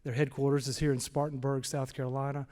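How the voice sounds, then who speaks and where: A man introducing a guest speaker at a chapel service, speaking in a measured way with a few restarts. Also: medium pitch, little pitch movement, warm tone. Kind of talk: formal introduction. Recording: long hall reverb.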